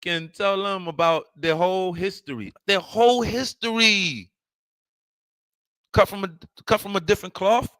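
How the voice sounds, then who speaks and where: A man's voice: high-pitched, fairly even intonation, brisk, few pauses, fairly bright tone, clean tone, no echo, poor audio. A man hosting a livestream, ranting confrontationally and repeating himself. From New York City. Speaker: online show host. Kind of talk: heated livestream rant.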